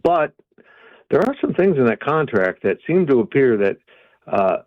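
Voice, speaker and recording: A man joining a sports radio show as a guest reporter, answering in a measured way with many pauses. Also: mid-range voice, very animated, no echo, phone-quality sound. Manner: measured, many ums and uhs. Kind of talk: radio phone interview.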